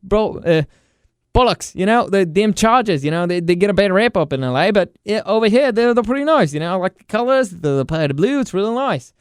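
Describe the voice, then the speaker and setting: A man's voice: sits high, lively intonation, a little fast, clear, resonant tone, no echo, clean studio sound. A man voicing a cheerful football fan in a put-on, chummy, rambling way.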